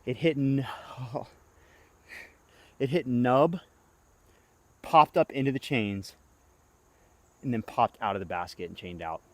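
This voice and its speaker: A young man filming himself outdoors, giving excitable play-by-play of his own throws as he talks to himself, pleading and groaning. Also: medium pitch, takes it slowly, pauses often, no echo. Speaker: disc golf vlogger. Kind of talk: self-filmed play-by-play commentary. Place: outdoor disc golf course.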